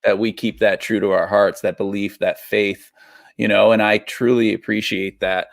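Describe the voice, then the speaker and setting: A man's voice: lowish voice, little pitch movement, normal speed, vocal fry, no room sound. A man hosting an interview show over a video call, upbeat and full of praise. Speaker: podcast host. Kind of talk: interview talk.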